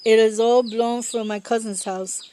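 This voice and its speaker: A woman talking her way through a casual garden vlog outdoors, chatty and rambling, laughing often and pausing to search for words. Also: fairly high pitch, fairly even intonation, dark tone, a little hiss or hum. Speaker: home gardener.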